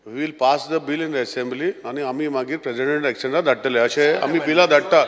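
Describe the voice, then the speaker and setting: A man's voice: a little high, racing, fairly bright tone. A man presenting a bill in a legislative debate, switching between Konkani and English and repeatedly addressing the Speaker. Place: legislative assembly hall. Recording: long reverb in assembly chamber.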